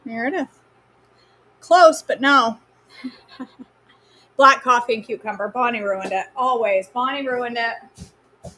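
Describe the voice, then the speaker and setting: A woman with a Maine accent talks as she cooks on a live stream in her home kitchen. Her voice sits a little high, and there is a faint hum behind her. She keeps up a chatty, teasing patter and calls viewers by name. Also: sharp tone. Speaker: host of a live cooking stream. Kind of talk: casual live-stream chat.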